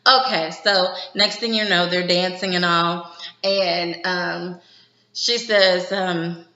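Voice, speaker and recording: Woman, casual reviewer, chatty and opinionated, bright voice, echoey room. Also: on the low side, fairly even intonation, slow pace. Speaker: TV episode reviewer. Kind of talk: casual recap chat. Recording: roomy, slightly dull sound.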